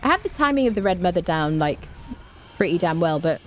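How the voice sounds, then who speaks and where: A woman's voice: fairly low pitch, sing-song, brisk, a little hiss or hum. A woman hosting a let's play, chatting casually as she plays and humming little tunes between remarks. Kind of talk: casual gameplay commentary.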